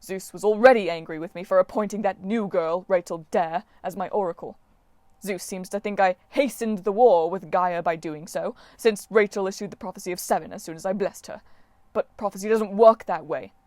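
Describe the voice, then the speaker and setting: A woman's voice: mid-range voice, a little fast, warm tone, dry recording, natural voice. A woman playing a whiny diva sun god. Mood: dramatic. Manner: wailing, theatrical, self-pitying. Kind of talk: audiobook character voice.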